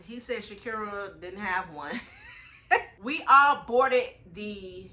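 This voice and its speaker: A young woman telling a casual travel vlog story in slangy, animated talk straight to her viewers. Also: mid-range voice, slow. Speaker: travel vlogger.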